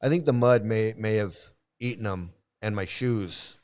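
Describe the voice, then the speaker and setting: A man casually telling a personal story, halting often and repeating his phrases as he restarts. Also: on the low side, a little mellow, clean tone. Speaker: vlogger recounting past experiences.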